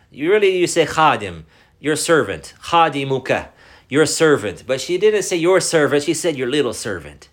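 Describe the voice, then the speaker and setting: A man's voice: a little high, fairly bright tone. A man teaching an Islamic religious lesson, repeating key phrases and weaving Arabic phrases into his English. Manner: repeats key phrases, deliberate explanatory delivery.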